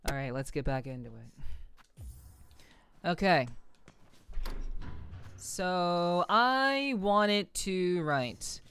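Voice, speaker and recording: A woman's voice: on the low side, lively intonation, very slow, long pauses, fairly bright tone, slight background noise. A young adult woman streaming a game, chatting casually with viewers in a joking, profane way and often repeating herself. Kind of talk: casual gameplay chat.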